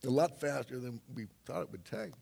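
An older man telling a personal story on stage in a rambling way, laughing often and breaking into sudden loud bursts. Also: mid-range voice, animated, fairly quick, gravelly, husky. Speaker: speaker on stage. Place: stage before an audience.

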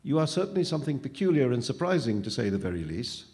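A man's voice: mid-range voice, sing-song, fast, a little mellow. A man reading a story aloud, voicing a pompous male phantom who speaks in precise, wordy and falsely kindly tones. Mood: smug.

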